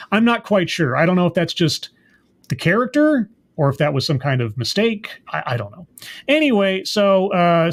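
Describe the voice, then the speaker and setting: Brief: male reviewer with a fairly high voice, casual recap, hesitant and thinking aloud. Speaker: show reviewer.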